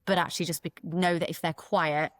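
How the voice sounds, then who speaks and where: Earnest low-voiced woman. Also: little pitch movement, a little fast, no echo, clean studio sound. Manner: earnest, frank, repeats words as she talks. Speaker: school executive principal, podcast guest. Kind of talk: conversational interview storytelling.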